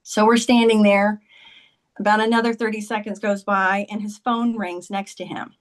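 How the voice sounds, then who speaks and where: A woman's voice: mid-range voice, flat delivery, moderate pace. A woman talking as a podcast guest, telling a personal story in a conversational way and often saying "like" and "he goes".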